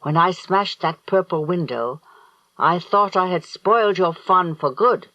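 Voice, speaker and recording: A man's voice: high voice, sharp tone, dry recording, lo-fi sound, exaggerated voice. A man reading an audiobook, voicing a cold, vengeful evil sorcerer with a harsh, grating voice. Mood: menacing. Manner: slow, menacing, gloating.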